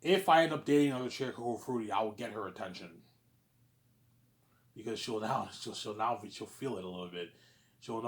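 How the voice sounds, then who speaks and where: A man vlogging in a casual monologue, answering his own questions in a rambling, repetitive way with stammered restarts, jumping between loud bursts and low mutters. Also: a little fast, long pauses.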